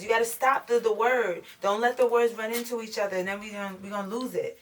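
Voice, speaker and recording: A woman's voice: on the high side, steady tone, quick pace, slight background noise. A woman coaching her son in a recording studio. She gives emphatic, directive instructions and chats casually for a reality vlog.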